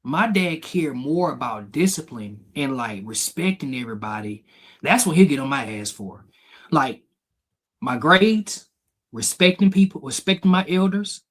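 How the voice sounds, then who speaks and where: Husky-voiced man telling candid stories. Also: a little high, measured pace. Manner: candid storytelling, profane, animated. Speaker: podcast co-host. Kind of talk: casual chat.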